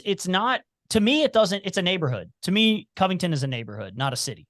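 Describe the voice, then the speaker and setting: A talkative man with a slight Appalachian twang, chatting as a podcast guest. His voice sits a little high for a man and sounds close and dry. He talks in animated bursts and restarts his sentences as he goes. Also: fast talker, dry recording. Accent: slight Appalachian twang, Cincinnati. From Cincinnati area, United States. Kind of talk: casual chat.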